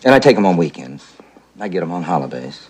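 A man's voice: deep voice, very animated, fast, a little mellow, slightly rough, heavily acted. An actor playing a sentimental, weepy divorced father who talks mournfully and apologetically. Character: weepy, sentimental middle-aged divorced man.

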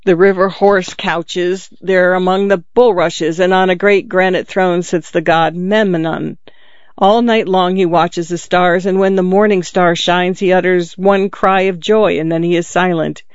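A man's voice: high-pitched, fairly even intonation, measured pace, clear, resonant tone, dry recording. A man voicing a kind-hearted, homesick little male swallow who speaks wistfully and earnestly in a storybook reading. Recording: dull lo-fi, dry.

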